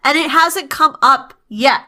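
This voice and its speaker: A woman's voice: high voice, unhurried, pushed and bright. A woman co-hosting a podcast, retelling scenes in casual chat with sardonic mock quotes. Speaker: podcast co-host.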